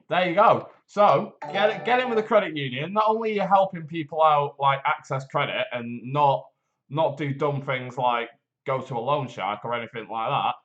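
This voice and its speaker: A man hosts a casual live stream from home, mixing read promotion with rambling, self-deprecating jokes. His voice sits a little high for a man. The audio is dull and lo-fi. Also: a bit bright. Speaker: host of a local live show.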